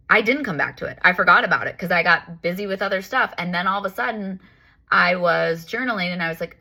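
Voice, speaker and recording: A woman talks through her spiritual practice in an easy, personal monologue. Her voice sits fairly low yet sounds bright and forceful, and she leans on repetition and emphatic self-talk. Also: fast. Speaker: spiritual life coach. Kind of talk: casual reflective self-help monologue.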